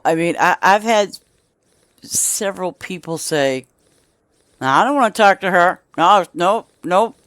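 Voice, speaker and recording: A woman's voice: deep voice, no room sound. Chatty woman streamer, dry close sound. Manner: chatty, rambling, many restarts and asides. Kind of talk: casual chat while streaming a game.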